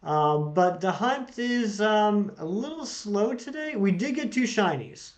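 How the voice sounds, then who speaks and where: A man's voice: high-pitched, expressive, unhurried. A man running a casual live stream, reading out jokes from chat and greeting viewers by name as he plays.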